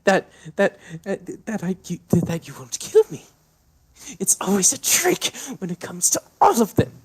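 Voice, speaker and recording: A man's voice: fairly high pitch, expressive, unhurried, husky, voice pushed up, heavily acted. A man voicing a distraught, guilt-stricken mother on the edge of a breakdown, talking frantically. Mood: frantic.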